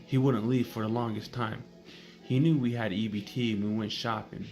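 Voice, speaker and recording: A man's voice: lowish voice, steady tone, normal speed, darkish tone, faint music behind, natural voice. A man quoting his irritated friend complaining about a freeloading cousin. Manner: irritated, griping. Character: annoyed male friend complaining.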